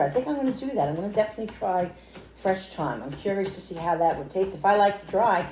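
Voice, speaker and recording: A woman's voice: mid-range voice, expressive, quick pace, warm tone, roomy sound, slight background noise. A middle-aged woman talking casually to viewers while cooking, rambling and emotional, often calling them guys. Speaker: cooking vlogger. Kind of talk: chatty cooking vlog. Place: home kitchen.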